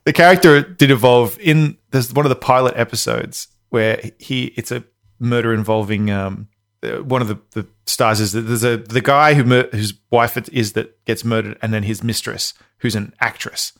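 A man's voice: mid-range voice, normal speed, creaky, fairly bright tone. A man co-hosting a casual podcast chat, laughing often and swearing as he retells scenes. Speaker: podcast co-host.

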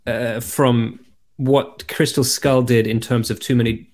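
A man co-hosting a casual film podcast, rambling through anecdotes and quick asides. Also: mid-range voice, steady tone, a little mellow. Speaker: podcast co-host. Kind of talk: casual movie chat.

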